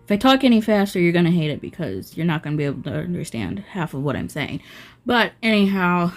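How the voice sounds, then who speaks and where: A woman's voice: on the low side, animated, vocal fry, soft background music. A woman talking through a nail art tutorial in a casual, rambling voice-over, full of fillers like "um" and "like". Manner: slow, filler-heavy, rambling.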